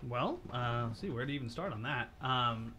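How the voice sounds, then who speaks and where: A man's voice: mid-range voice, expressive, moderate pace, sharp tone, a little hiss or hum. A man from Southern California co-hosting a casual livestream talk show, easygoing and agreeable, often hesitating with fillers. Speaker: co-host.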